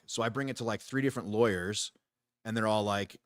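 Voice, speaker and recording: Recorded cleanly in a small home studio with no room sound, this man speaks quickly in a fairly low voice. He's a U.S. Army veteran in his forties, now retired, hosting a laid-back talk show as a podcast host, profane and blunt, often starting his sentences over.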